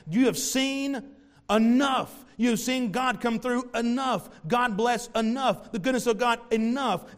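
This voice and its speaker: A man preaching a sermon to his congregation, animated, acting out little voices of the people in the story. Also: very high voice. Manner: animated, plays out voices of mockers and parents. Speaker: pastor.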